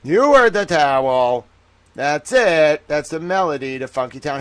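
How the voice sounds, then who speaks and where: A man's voice: fairly high pitch, lively intonation, moderate pace, slight background noise. A man hosting a casual livestream, greeting viewers by name and rambling playfully with lots of filler words. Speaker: livestream host.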